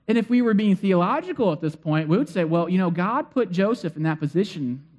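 A man's voice: high voice, animated, fairly quick, darkish tone. A man preaching a sermon and retelling a story in a conversational way, acting out the figures' lines. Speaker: pastor.

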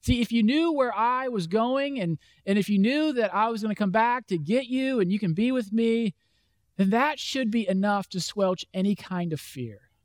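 A man's voice: sits high, normal speed, dry recording. A man preaching a conversational sermon as a pastor, acting out the questions of imagined listeners. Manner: conversational, acts out imagined voices.

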